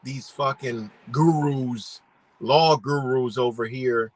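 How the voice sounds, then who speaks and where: A man's voice: mid-range voice, takes it slowly, no room sound, poor audio. A man hosting a live stream, talking in a rambling, profane, slangy way and firing rhetorical questions at his viewers. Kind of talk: casual live-stream rant.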